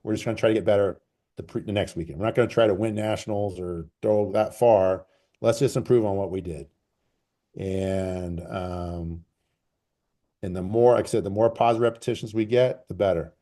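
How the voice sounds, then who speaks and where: A man who coaches track and field, answering interview questions in a relaxed, rambling way and repeating phrases for emphasis. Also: on the low side, normal speed. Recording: call recording.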